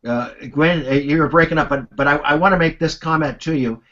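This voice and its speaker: A man's voice: on the high side, brisk, a bit bright, a little hiss or hum. Encouraging male host on a muffled call. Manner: encouraging, calls on participants by name. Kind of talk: hosting a live video conference. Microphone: video call. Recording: muffled video call audio.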